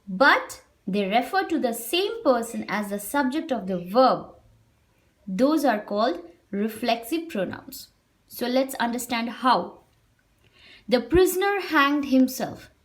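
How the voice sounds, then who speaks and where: A woman teaching a grammar lesson to children, repeating example sentences slowly and explaining them. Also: high voice, very animated.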